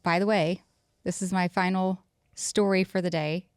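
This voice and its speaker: A woman's voice: fairly low pitch, steady tone, normal speed, clear, resonant tone, no echo, studio quality. A woman in her thirties co-hosting a podcast, telling a story about her kids in casual chat and acting out their lines. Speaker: podcast co-host.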